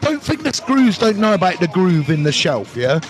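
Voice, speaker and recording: Lively high-voiced British man, swearing freely. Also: normal speed, soft background music. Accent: British English. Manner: blunt, swears freely, jokey. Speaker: host and recovery mentor. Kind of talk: casual live-stream chat. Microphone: phone live stream.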